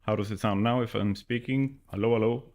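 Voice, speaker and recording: A man's voice: fairly low pitch, steady tone, normal speed, a little mellow. A man with a slight lisp, a streamer testing his microphone on a livestream and muttering to himself as he adjusts settings. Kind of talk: livestream mic check.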